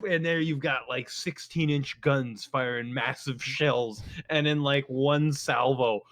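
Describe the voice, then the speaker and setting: A man co-hosting a podcast in casual chat, telling jokey stories with quick put-on voices and laughing often. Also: medium pitch, fairly even intonation, fairly bright tone. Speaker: podcast co-host. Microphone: headphones.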